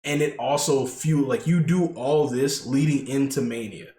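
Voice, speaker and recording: A man with a warm, medium-pitched voice co-hosts a podcast at a moderate pace, chatting casually about wrestling. His talk rambles with many fillers and restarts. Echo and faint background noise fill the recording.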